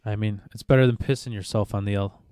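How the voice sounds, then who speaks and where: A man's voice: fairly low pitch, fairly even intonation, fast talker, mellow, clean tone, no echo. Rambling, profane man telling stories. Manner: rambling, profane, stammers and restarts. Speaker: podcast host. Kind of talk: casual storytelling chat.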